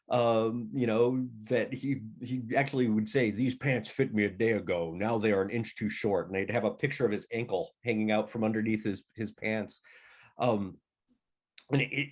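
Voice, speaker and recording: Here a middle-aged author swaps stories in an easygoing chat, playing out the voices of family members as he goes. His voice sits in the middle range and leans dark in tone.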